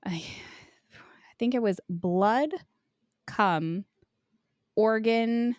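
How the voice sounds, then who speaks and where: A woman's voice: mid-range voice, extremely slow, long pauses, clear, resonant tone, dry recording, studio quality. A woman co-hosting a casual book podcast, loosely retelling a plot with frequent "like" fillers and casual swearing. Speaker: podcast co-host.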